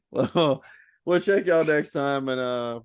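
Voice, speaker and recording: A man's voice: mid-range voice, clear, resonant tone. A man hosting a podcast, easygoing, laughing between lines, with "uh" and "y'all" in his casual talk. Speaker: podcast host.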